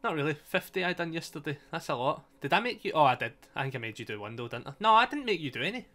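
A man giving excitable, sweary commentary while playing a game, laughing often. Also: on the high side, fast talker. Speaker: gaming streamer. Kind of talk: casual let's-play commentary. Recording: faint game music behind.

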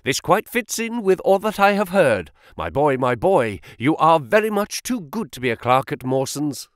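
Brisk, sharp-tongued, flattering money man with a lively, swooping delivery, as a male reader puts him on for an audiobook. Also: mid-range voice, dry recording, studio quality, natural voice. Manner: quick, sharp, flattering and excitable. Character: brisk, smooth-talking male financial agent. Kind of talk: audiobook character voice.

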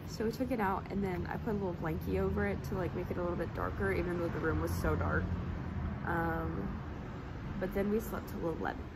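A woman's voice: fairly low pitch, steady tone, fairly quick, heavy background noise. A young woman in her twenties chatting casually to a handheld phone camera outdoors, rambling with lots of fillers. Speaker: vlogger. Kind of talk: casual vlog chat. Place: outdoors by a yard with fake grass.

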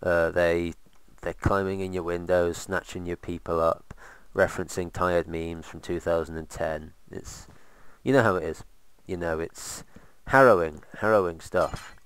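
A man's voice: low-pitched, fairly even intonation, measured pace, few pauses, smooth, no room sound. A man casually commentating while playing a game, rambling with sarcastic asides. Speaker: let's play host.

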